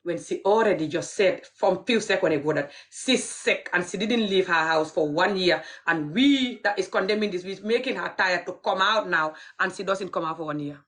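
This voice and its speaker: A woman's voice: on the low side, normal speed, hardly any pauses, a bit bright. A woman talking straight to her viewers in an impassioned commentary vlog. She mixes English with her local language, repeats phrases and keeps urging people to share. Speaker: video commentator.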